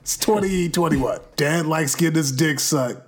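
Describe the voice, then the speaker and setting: A man's voice: fairly high pitch, normal speed, slight background noise. A man co-hosting a comedy podcast, teasing a caller and playing along with goofy jokes. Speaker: podcast co-host. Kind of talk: casual comedy banter.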